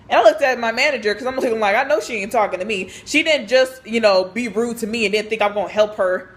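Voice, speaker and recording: Quick and rarely pausing, a young woman with a somewhat high voice tells a vlog story about her work. Her delivery is chatty and animated, full of fillers and dialogue she performs.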